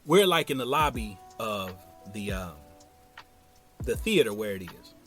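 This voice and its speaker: A man from Ohio tells a story on his own podcast, relaxed and full of slang. He talks straight to his listeners, and his voice rises and falls freely. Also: on the low side, measured pace, faint music behind. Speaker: podcast host. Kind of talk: casual storytelling.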